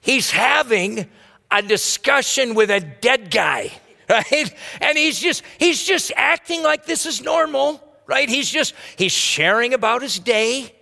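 A male pastor giving a midweek sermon in a lively, conversational way, full of rhetorical asides. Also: extremely high pitch, slow pace, creaky, big-room sound. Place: church.

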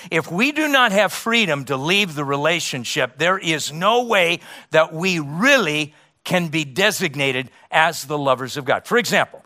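A middle-aged man preaching a sermon as pastor, emphatic, with rhetorical questions and dramatic pauses. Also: fairly high pitch, pushed and bright.

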